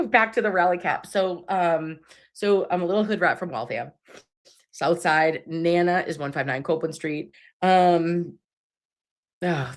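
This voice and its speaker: A woman's voice: deep voice, dry recording, clean studio sound. A woman in her forties from Massachusetts, hosting a casual livestream chat in a chatty, profane way, full of "like.". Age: 40s. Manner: chatty, profane, many "like" fillers. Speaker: livestream host.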